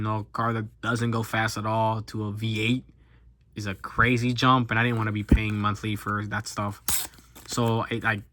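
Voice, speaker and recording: A man's voice: medium pitch, pushed and bright, no room sound. A young man in his twenties chatting casually on his channel, rambling and self-deprecating with lots of fillers and restarts. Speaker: YouTuber. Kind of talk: casual chat while opening cards.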